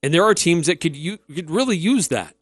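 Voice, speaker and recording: A man co-hosting a sports radio show, making his points in a measured, thinking-aloud way. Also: a little high, animated, no echo. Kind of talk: casual sports talk.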